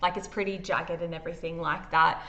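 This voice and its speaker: With an Australian accent, a woman game-masters a horror tabletop game, describing things vividly and frequently halting on fillers. Her pitch is fairly low, and her tone is level yet sharp.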